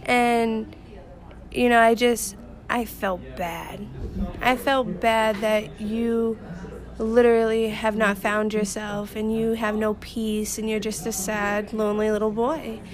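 A woman's voice: on the high side, little pitch movement, slow. A woman guest candidly telling a personal story in casual chat.

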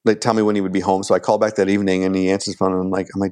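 A man in middle age tells a long personal story in a relaxed, rambling way. His voice sits fairly low, with lots of "like" and false starts, and he acts out what others said in a raised, lively voice. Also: racing. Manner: acts out quoted dialogue in a raised voice; rambling, full of "like" and restarts. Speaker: podcast guest. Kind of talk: casual storytelling.

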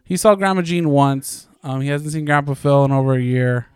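A man's voice: mid-range voice, brisk, clean tone, no echo, studio quality. A man in his thirties co-hosting a podcast, chatting casually with lots of fillers and the odd swear word. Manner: rambling, with frequent likes and casual swearing. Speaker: podcast co-host. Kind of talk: casual chat.

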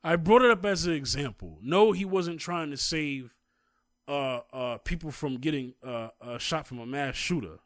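As a co-host in casual conversation, he tells a story at length and becomes increasingly heated and emphatic. His fairly high voice keeps a moderate pace, captured at studio quality with no room sound.

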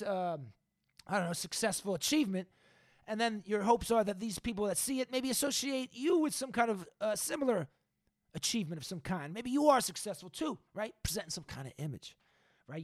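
High-voiced man musing casually. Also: dry recording, studio quality. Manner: loose, conversational, rhetorical "right?" check-ins. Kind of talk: casual explanatory monologue.

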